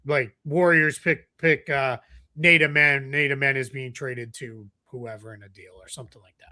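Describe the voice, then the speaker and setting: A man's voice: mid-range voice, steady tone, normal speed. A man co-hosting a live basketball draft show, rambling casually and reading out viewer messages. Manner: rambling, reads viewer messages, trails off quietly. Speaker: podcast co-host.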